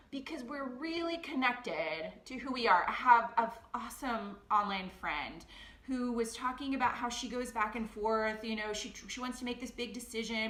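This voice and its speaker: A woman in her thirties hosting a motivational talk show, talking emphatically and shifting between quick excited bursts and slow, hushed emphasis. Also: fairly high pitch. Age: 30s. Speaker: podcast host. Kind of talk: motivational monologue. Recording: roomy echo.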